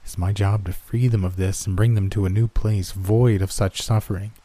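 A man voicing a calm, ageless soul-taking creature in a spoken horror story, solemn and matter-of-fact. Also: on the low side, moderate pace, no room sound, close to an everyday voice. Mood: explaining. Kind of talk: storybook reading.

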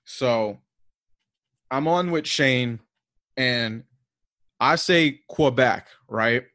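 A Southern-accented man chats on a podcast, swearing and wandering through stories with constant fillers. His voice sits at an ordinary middle pitch. The sound is dry and close. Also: extremely slow, sharp tone, no room sound. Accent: American Southern. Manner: rambling, profane, filler-heavy storytelling with frequent laughs. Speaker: podcast host. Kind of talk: casual podcast chat.

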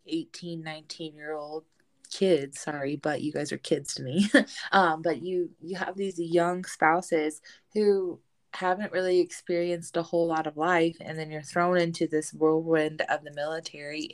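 Low-voiced woman talking earnestly. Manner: earnest, reflective, many filler "like"s. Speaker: military spouse. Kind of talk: casual podcast chat.

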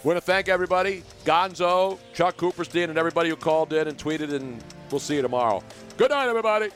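A man's voice: on the high side, fast talker, a bit bright, soft background music. A man hosting a sports talk radio show, bantering in a boisterous, joking, rambling way.

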